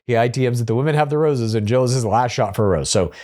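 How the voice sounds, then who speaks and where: A man hosting a casual reality show recap, chatty and opinionated, with quick asides. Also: medium pitch, dark tone. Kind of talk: casual episode recap commentary.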